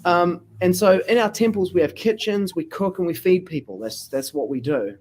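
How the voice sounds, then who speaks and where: This podcast host chats casually with a guest, animatedly telling stories and acting out whoever he's quoting. His high-sitting voice has a breathy edge and moves at a moderate pace.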